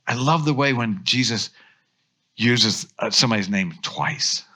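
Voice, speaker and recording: A pastor with an American accent preaching a sermon, telling stories with lively acted-out quotes. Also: male voice, mid-range voice, a little slow. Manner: animated storytelling, acts out quotes.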